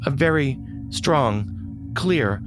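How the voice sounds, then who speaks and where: A man narrating his own story in a halting, emotional way, stammering and repeating words. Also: mid-range voice, lively intonation, music in the background. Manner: emotional and urgent. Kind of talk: scripted memoir narration.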